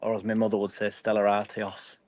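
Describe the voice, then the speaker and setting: A man's voice: lowish voice, completely flat delivery, brisk, a little mellow, slight background noise, low-quality recording. A young man with a Yorkshire accent chatting casually and swearing freely as he reads and answers his live stream chat. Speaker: football fan vlogger.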